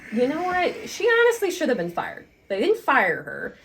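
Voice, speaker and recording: Woman podcast cohost with a higher voice, chatting away about old job drama, swears casually, super animated. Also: normal speed, creaky, a little hiss or hum. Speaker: podcast co-host. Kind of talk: casual storytelling chat.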